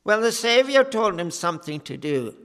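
A man preaching a sermon in an earnest, unhurried way, pausing often with fillers. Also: high voice, big pitch swings, fairly bright tone, long reverb tail. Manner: slow, earnest preaching with many pauses and fillers.

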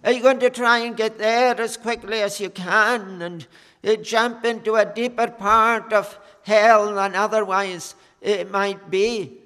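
Man preaching slow n earnest, high voice, lots of uh pauses, echoey hall. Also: fairly even intonation, pushed and bright, clean tone. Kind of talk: sermon.

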